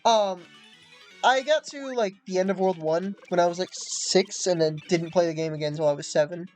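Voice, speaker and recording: A woman's voice: on the low side, moderate pace, a little mellow, faint music behind. A young woman giving casual, chatty commentary over a video game, with lots of fillers and giggly asides. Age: young adult. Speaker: let's play host.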